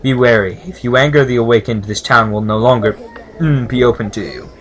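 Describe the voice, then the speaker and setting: A man reading the lines of a proud, wary male village leader from a game in a measured, formal way. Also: mid-range voice, close to an everyday voice. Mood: solemn.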